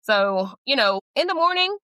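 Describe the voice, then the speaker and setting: A woman's voice: high-pitched, big pitch swings, moderate pace, pushed and bright, no room sound. A middle-aged woman hosting a casual podcast chat, talking candidly and with self-deprecating humor. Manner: candid, self-deprecating, chatty with frequent likes and you-knows. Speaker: podcast host.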